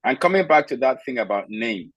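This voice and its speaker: A man from Nigeria speaks on a video call, candid and emphatic as he tells his own stories and gives advice. His voice sits in a middle pitch, and the sound is dry with no room echo. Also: lively intonation, a little fast, highs cut off.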